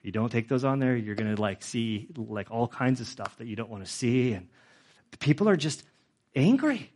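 A man's voice: medium pitch, expressive, normal speed, darkish tone. A middle-aged male pastor giving a conversational sermon, with frequent fillers, who grows emotional as he goes.

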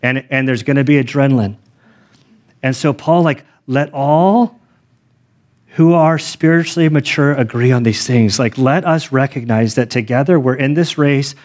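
A middle-aged man delivering a sermon as pastor, conversational and animated, weaving in personal stories. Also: medium pitch, moderate pace.

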